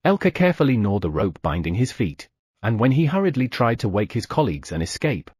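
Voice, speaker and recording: A man narrating an audiobook in a lively storytelling manner, voicing the sound effects. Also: medium pitch, fairly quick, slightly rough, dry recording, studio quality. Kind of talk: scripted narration.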